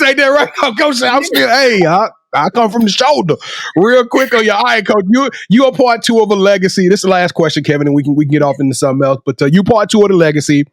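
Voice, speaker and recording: A man hosting an interview, playful and lively, with slang like "y'all". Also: sits high, quick pace, dry recording, studio quality. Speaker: interview host. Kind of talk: casual interview chat.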